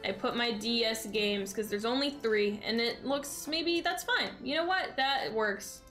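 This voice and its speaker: A woman's voice: fairly high pitch, a little slow, fairly bright tone. A young woman streaming a video game, chatting playfully and dramatically with her chat and thanking followers. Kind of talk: casual live-stream chat while gaming. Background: faint game music.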